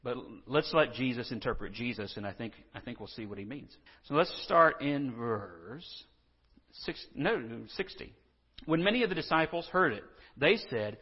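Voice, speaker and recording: A man's voice: medium pitch, animated, normal speed, husky. A male pastor preaching a conversational, earnest sermon and reading scripture in a church. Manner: conversational and earnest, with restarts and asides. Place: church sanctuary. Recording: dull lo-fi sound with long hall reverb.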